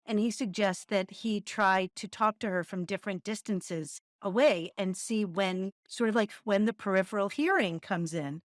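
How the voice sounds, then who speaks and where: A middle-aged woman co-hosting a podcast, chatting candidly, laughing often and telling stories in a lively way. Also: mid-range voice, normal speed, few pauses, no room sound, clean studio sound. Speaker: podcast co-host. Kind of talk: casual conversational storytelling.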